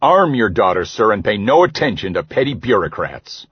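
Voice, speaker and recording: A man's voice: on the low side, big pitch swings, normal speed, husky, no room sound. A man voicing a pompous, scornful older doctor in an audiobook. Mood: indignant. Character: cantankerous, blustering older male doctor. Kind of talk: audiobook character voice. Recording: slightly dull, dry recording.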